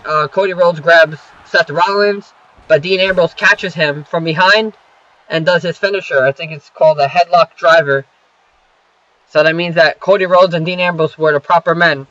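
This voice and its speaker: Young guy, casual swearing recapper, fillers galore; slightly high, dull home mic. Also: pushed and bright, no room sound. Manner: rambling, many fillers and profanity. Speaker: wrestling show recapper.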